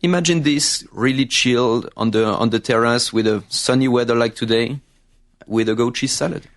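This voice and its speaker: A man from France with a French accent, a winery guest in a casual wine tasting chat, halting and often repeating words as he searches for the English. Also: medium pitch.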